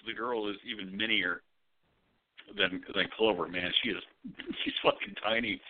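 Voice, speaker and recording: Animated, cursing man on a tinny line. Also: on the low side, gravelly. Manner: animated storytelling, profane. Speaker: podcast co-host. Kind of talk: casual chat. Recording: tinny phone-like audio.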